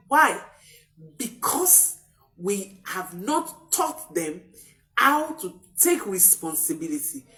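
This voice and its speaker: A woman's voice: high-pitched, very animated, takes it slowly, recorded from a distance. Emphatic woman coaching parents. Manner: emphatic, repeats key points. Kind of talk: coaching talk to camera.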